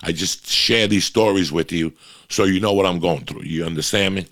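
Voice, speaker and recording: A man's voice: low-pitched, normal speed, a bit bright, dry recording, clean studio sound. A man hosting a podcast, chatting casually and bluntly, swearing freely and talking straight to his listeners. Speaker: podcast host. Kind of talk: casual chat.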